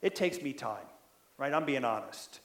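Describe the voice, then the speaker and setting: A man preaching a sermon in a conversational way, often checking in with the listeners, and growing louder when he stresses a point. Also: medium pitch, normal speed, reverberant. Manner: conversational, keeps asking "right?"; animated, builds in loudness when stressing a point. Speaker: pastor.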